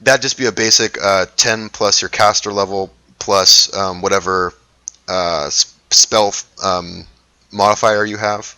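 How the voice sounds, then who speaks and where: Low bright-voiced young man running a game. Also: fairly even intonation, unhurried, clean tone, no echo. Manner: hesitant, many fillers and restarts, laughs often. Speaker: dungeon master. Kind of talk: casual tabletop game talk.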